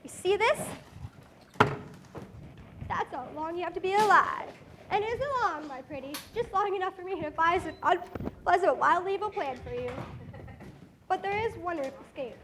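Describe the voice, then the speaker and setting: A teenage girl acting a cruel, gloating female witch in a school stage play, with mocking, drawn-out taunts. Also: extremely high pitch, a bit bright, slight background noise. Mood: menacing. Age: teens. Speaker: student actor.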